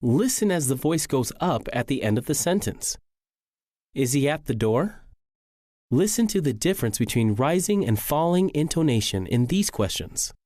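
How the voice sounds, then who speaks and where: A man narrating a scripted English lesson, reading slowly and clearly. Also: on the high side, sing-song, darkish tone, no echo, clean studio sound. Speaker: English teacher.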